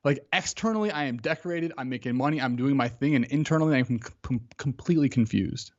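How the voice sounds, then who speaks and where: A podcast guest in his thirties tells a personal story in a casual, animated way, packing it with "like" and acted-out quotes. He has a medium pitch and a quick pace, and the recording's highs are cut off.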